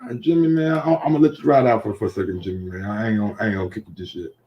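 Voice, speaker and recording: A man's voice: lowish voice, racing, lo-fi sound, slight background noise. A man hosting a casual boxing talk show, talking loosely with many restarts and profanity. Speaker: show host.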